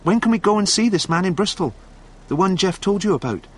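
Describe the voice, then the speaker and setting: A man putting on an eager young man in a storybook reading, the voice lifted well above a normal speaking pitch. He asks questions in a lively, bouncing way. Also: fairly quick. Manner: raised, animated storybook voice.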